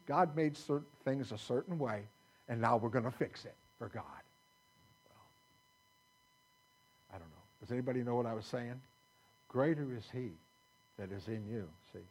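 Man, pastor, husky voice, mid pitch, folksy conversational sermon in a church. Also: darkish tone, low-quality recording. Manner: folksy, conversational preaching with scripture quotes. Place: church sanctuary.

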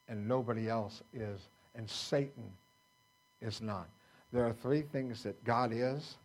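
A man's voice: medium pitch, poor audio. A man pastor preaching a sermon in a folksy, conversational way, quoting scripture to his congregation. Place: church sanctuary.

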